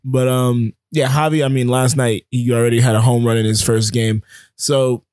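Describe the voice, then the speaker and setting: A man's voice: mid-range voice, little pitch movement, moderate pace, a little mellow, dry recording, clean studio sound. A man co-hosting a podcast, talking baseball in easygoing casual chat with many fillers. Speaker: podcast co-host.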